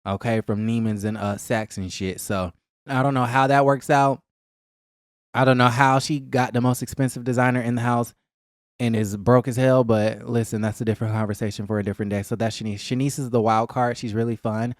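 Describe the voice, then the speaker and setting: A man chatting casually about a reality show, gossipy and animated, with a close mic. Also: fairly quick, dry recording. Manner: gossipy and animated, acting out cast members in a higher voice. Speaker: reality TV recap vlogger. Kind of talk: casual chat.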